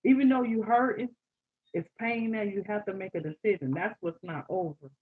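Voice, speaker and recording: A woman giving a live tarot reading, animated, exclaiming and repeating phrases to her listeners. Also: mid-range voice, normal speed, husky. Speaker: tarot reader. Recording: dull lo-fi sound.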